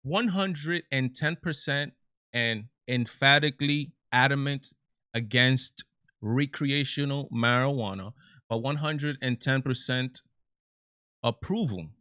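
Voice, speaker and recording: A man's voice: mid-range voice, bright, forceful tone, no echo, clean studio sound. A man hosting his own live commentary stream, talking emphatically with many repeats and restarts. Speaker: show host.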